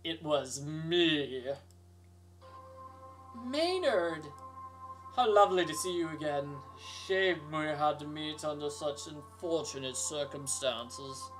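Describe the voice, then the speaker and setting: A man doing a smug villain who drawls his threats slowly and coolly. Clear music plays behind the voice. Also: fairly high pitch, animated. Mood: menacing. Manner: smug, slow and menacing. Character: sly villainous male kidnapper, smug and menacing.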